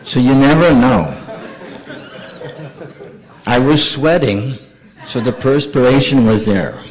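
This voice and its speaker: A middle-aged man giving a storytelling lecture as a visiting monk, acting out the dialogue of his stories. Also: fairly low pitch. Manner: animated, acts out dialogue.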